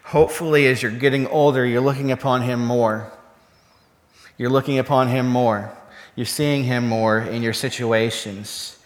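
A male pastor delivers a sermon in an easy, talky manner, and he keeps turning to his listeners with questions. His voice sits at an ordinary middle pitch. The sound carries a long reverb, as if it were recorded in a big hall. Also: steady tone, normal speed. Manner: conversational, asks the congregation rhetorical questions.

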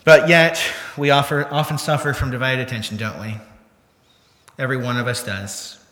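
In a hall with long reverb, a male pastor gives a talky, easygoing sermon and keeps asking the congregation rhetorical questions. His middle-pitched voice holds a steady tone at normal speed, sounding pushed and bright.

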